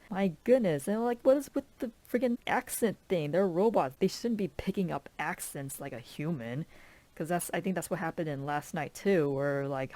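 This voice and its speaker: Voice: medium pitch, darkish tone, no echo. Rambling exasperated reviewer, dry close mic. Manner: rambling, heavy use of "like"; exasperated, complaining. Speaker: film reviewer. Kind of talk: casual ranting review.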